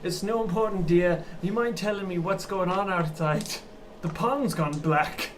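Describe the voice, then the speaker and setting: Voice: mid-range voice, normal speed, pitched above the performer's own voice, close to an everyday voice. A player voicing a shapeshifter posing as an elderly husband, affectionate but evasive, on a noisy home recording.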